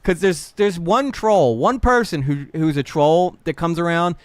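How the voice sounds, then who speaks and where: A male streamer with a slightly high, smooth, clear voice, reacting live to his chat. He talks in an animated, blunt way and swears freely. The sound is close and dry with no room around it. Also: measured pace, dry recording. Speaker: livestream host. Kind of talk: casual livestream reaction.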